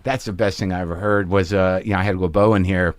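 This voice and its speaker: A man's voice: deep voice, steady tone, fast talker, clear, resonant tone, no echo, clean studio sound. A man hosting a podcast, talking reflectively with many fillers. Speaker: podcast host. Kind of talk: casual conversation.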